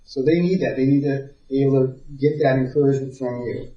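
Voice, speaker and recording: A man's voice: mid-range voice, fast talker, dark tone. A man teaching a parenting seminar to a live audience, telling stories, repeating words as he thinks and checking in with the listeners. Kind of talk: conversational teaching talk. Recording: dull, roomy sound from far off.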